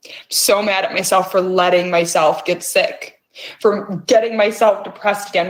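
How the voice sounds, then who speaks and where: A woman's voice: medium pitch, fairly even intonation, moderate pace. A middle-aged woman hosting, coaxing listeners with intense words and frequent swearing. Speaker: host. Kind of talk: guided emotional release session.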